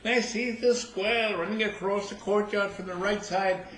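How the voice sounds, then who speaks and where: A man's voice: sits high, steady tone, normal speed, voice pushed up, natural voice. A man voicing a plodding guardsman private, in a roomy room with faint noise. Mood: earnest. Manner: stiff, dutiful, repetitive.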